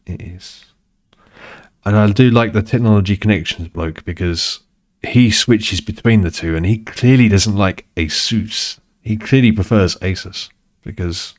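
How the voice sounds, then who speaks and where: A deep-voiced British man rambles through a casual gaming stream. He drifts from topic to topic, swears freely and hams up his irritation. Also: moderate pace. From United Kingdom. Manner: rambling, swears, mock-exasperated. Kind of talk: casual chat while gaming.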